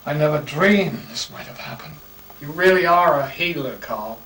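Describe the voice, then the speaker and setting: An actor voices a stiff, proper doctor who scolds in formal, clipped phrases. His voice sits high and moves about animatedly, heard from a distance in a roomy space on a worn videotape. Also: expressive, moderate pace, a bit bright. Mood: stern. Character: stern, proper family doctor. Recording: roomy, distant old VHS audio.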